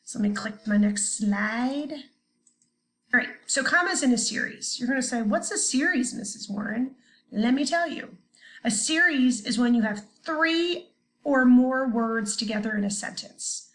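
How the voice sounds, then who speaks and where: A woman teacher talks straight to her young students in a recorded distance-learning grammar lesson. Her voice sits a little high, and she keeps a chatty, upbeat manner. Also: lively intonation, measured pace. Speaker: third grade teacher.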